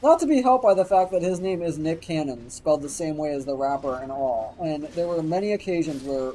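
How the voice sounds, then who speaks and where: The audio is poor, with slight background noise, and the man speaks briskly in a slightly high voice. He's spinning a rambling, expletive-heavy story for his stream, bringing it to life with voices he quotes.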